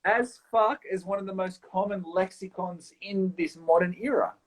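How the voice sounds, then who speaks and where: A man's voice: high voice, normal speed, low-quality recording. An Australian man talking bluntly in a casual round table chat, swearing freely and animatedly.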